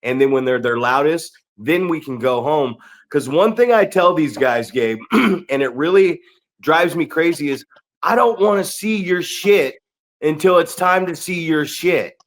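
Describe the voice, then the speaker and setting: A man's voice: fairly high pitch, animated, unhurried. A middle-aged man, a veteran wrestler who trains students, bluntly explaining with swearing in a casual podcast chat.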